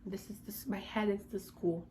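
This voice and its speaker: A young woman recounts a bad day at school in a loose, rambling way, leaning on "like" as she goes. Her voice sits at a middle pitch, and a faint hiss of noise runs behind her. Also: steady tone, fairly quick, mellow. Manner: rambling, frustrated, lots of "like". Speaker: vlogger. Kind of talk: casual storytime.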